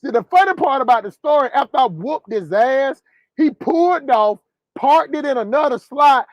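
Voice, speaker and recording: A man who drives trucks telling a profane story to his viewers in an animated way. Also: very high-pitched, moderate pace, no echo, highs cut off. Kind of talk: storytelling vlog.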